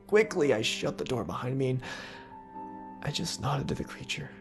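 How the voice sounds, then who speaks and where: A man narrates a scripted horror story at a measured, somber pace, his voice sitting at an ordinary middle pitch. Soft music plays faintly behind him. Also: animated.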